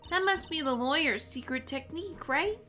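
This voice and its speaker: A sweet little girl from a courtroom game, voiced by a woman. Her voice sits very high and bright, soft and innocent. She sounds earnest and a little shy. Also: animated, moderate pace, faint music behind. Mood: admiring.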